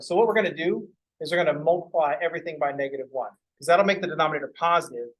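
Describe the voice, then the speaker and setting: A young man teaches math in a classroom, his voice sitting a little on the high side. He talks in a loose, joking way, rambling off into rants and casual swearing before he returns to the lesson. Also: very fast, a bit bright, rough recording. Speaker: math lecturer.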